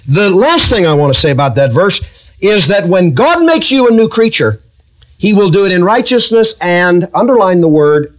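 A pastor preaching a sermon, asking the congregation rhetorical questions. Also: male voice, high-pitched.

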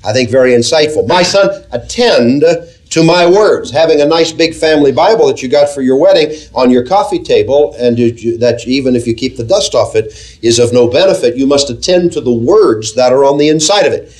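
A man preaching a sermon to a congregation, earnest and measured, asking them questions as he teaches. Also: mid-range voice, expressive, a little mellow, low-quality recording. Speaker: pastor.

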